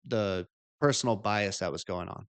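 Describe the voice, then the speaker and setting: A man co-hosting a casual fight podcast, speaking in a measured, conversational way as he explains his scoring. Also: on the low side, clear, resonant tone, no room sound. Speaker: podcast co-host. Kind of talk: casual MMA fight recap.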